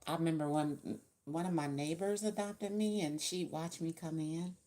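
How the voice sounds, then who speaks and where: A woman's voice: low voice, normal speed, warm tone. A woman giving a casual tarot reading, chatty and laughing often, acting out the people she quotes. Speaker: tarot reader.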